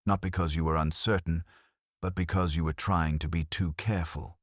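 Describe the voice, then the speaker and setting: Voicing a gentle, shrewd, unruffled elderly woman sleuth, a man speaks low-pitched and fairly evenly at normal speed. The recording is dry and studio quality, and the character's manner is light, pleasant, conversational, and probing.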